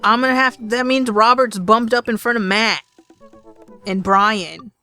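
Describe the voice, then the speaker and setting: A woman's voice: on the high side, unhurried, pushed and bright. Woman let's player, casual, playful, laughs often, faint game music under. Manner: chatty, laughing, swearing, playful. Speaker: let's play host. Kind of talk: casual game commentary and narration.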